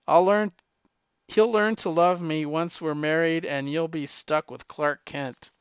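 A man's voice: on the high side, fairly even intonation, a little slow, smooth, no echo, lo-fi sound, lightly acted. A man doing a catty, smug young woman.

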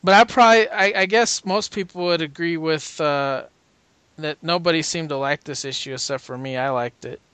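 A man with a high, bright voice, talking about comics in a chatty way and hedging his opinions. His voice is smooth and clear, recorded dry and close. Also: normal speed, dry recording. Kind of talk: casual chat about comics.

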